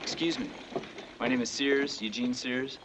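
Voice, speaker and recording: An actor playing a stiff, formal company man who speaks hesitantly, on a muffled old film soundtrack with loud hiss. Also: medium pitch, fairly even intonation, measured pace, lightly acted.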